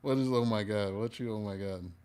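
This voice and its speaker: A man's voice: on the low side, fairly quick, darkish tone, smooth. Playful, joking man reading tarot. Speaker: tarot reader. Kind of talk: casual live tarot reading.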